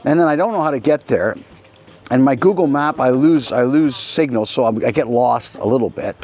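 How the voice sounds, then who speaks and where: A man's voice: mid-range voice, moderate pace, darkish tone. A middle-aged man hosting a casual rambling monologue, telling anecdotes with frequent restarts and asides. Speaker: host.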